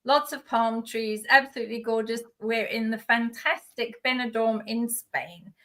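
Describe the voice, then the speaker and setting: A woman's voice: a little high, normal speed, bright, forceful tone. A woman co-host chatting in an enthusiastic, upbeat way on a podcast. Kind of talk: casual interview chat.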